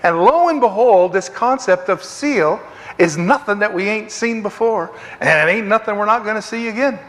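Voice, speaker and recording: A man with a notably high voice leads a casual Bible study, driving points home by repeating them and wandering off on tangents. His voice rings with the long reverb of a large hall. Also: moderate pace, fairly bright tone. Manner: emphatic, digressive, repeats phrases for stress. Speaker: Bible teacher.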